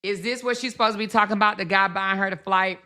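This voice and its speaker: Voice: medium pitch, steady tone, fast talker, bright, forceful tone. A host commenting casually on a livestream clip, chatting straight to the audience.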